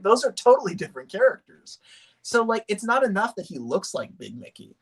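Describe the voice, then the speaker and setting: A man chatting casually on a livestream, rambling and animated, with many fillers and restarts. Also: high voice, fairly quick. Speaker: streamer.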